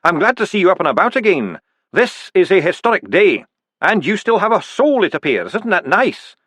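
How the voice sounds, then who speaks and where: An earnest, urgent dwarf priest, voiced by a man, pressing his point with a lively, rising voice. He talks fast and persuasively, and his delivery is dry and close. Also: high voice, breathy edge, no room sound, pitched above the performer's own voice, full character voice.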